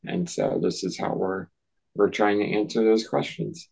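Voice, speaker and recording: A man speaking as a podcast guest, talking in a slow, thoughtful way with many ums and restarts. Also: on the low side, little pitch movement, creaky, darkish tone, breathy edge, rough recording. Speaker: podcast guest, nonprofit founder. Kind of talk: casual interview talk.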